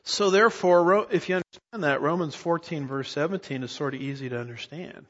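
Middle-aged male pastor, emphatic teaching sermon, raised pitch, muffled reverberant church recording. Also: a little fast, fairly bright tone. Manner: emphatic teacher, asks the congregation rhetorical questions. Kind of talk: expository sermon.

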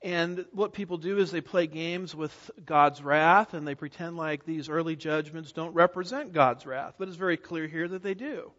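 A man's voice: fairly high pitch, a bit bright. A man preaching a verse-by-verse sermon, emphatic, with rhetorical questions and repeated key words. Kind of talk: expository sermon. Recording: dull audio with long hall reverb.

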